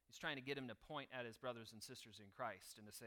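Bright-voiced man preaching. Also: medium pitch, fast, hardly any pauses. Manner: conversational preaching, reading a martyr account aloud. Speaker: pastor. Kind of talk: sermon.

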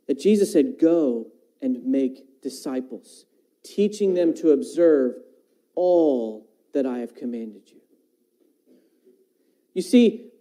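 A man delivers a sermon in a fairly high voice with a deeply mellow, dark tone. He talks earnestly, circling back on his phrases and posing rhetorical questions to his listeners. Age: adult parent. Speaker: preacher.

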